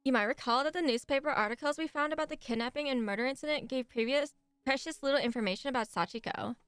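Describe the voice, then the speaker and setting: A woman's voice: high-pitched, fast talker, fairly bright tone, clear, resonant tone, dry recording. A woman voicing a bossy teenage girl class rep with an occult streak, reading game dialogue aloud in a put-on Valley Girl voice. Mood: earnest.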